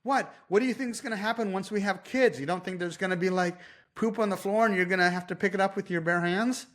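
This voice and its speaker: A man putting on the voice of a flustered, defensive fussy woman, shrill and indignant. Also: fast, lightly acted.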